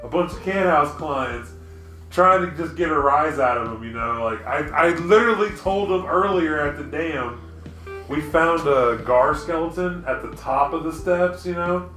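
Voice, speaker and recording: Deadpan tall-tale-telling man, higher voice. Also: normal speed, roomy sound, faint music behind. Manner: deadpan tall-tale storyteller, swears freely. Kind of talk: casual podcast chat.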